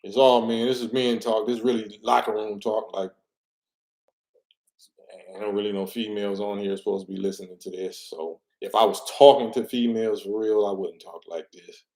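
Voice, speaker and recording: A man's voice: lowish voice, fairly even intonation, moderate pace, a little mellow. A middle-aged man giving an emphatic, preachy street-talk monologue and repeating his words as he commentates. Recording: roomy echo.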